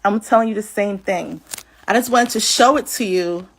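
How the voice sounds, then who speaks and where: A woman giving a casual scripture teaching on a livestream, chatty and animated, often saying "like", talking into a computer webcam mic. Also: mid-range voice, normal speed. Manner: chatty and animated, many "like"s, laughs. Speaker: spiritual teacher.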